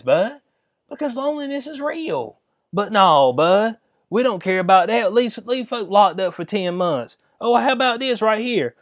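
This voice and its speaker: A man with a fairly high voice delivers heated political commentary on his channel. He talks in a loose, slangy way and hammers his points home with blunt, emphatic outbursts. The sound is close and dry, with no room echo. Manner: emphatic, informal, slangy, laughs often. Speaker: channel host.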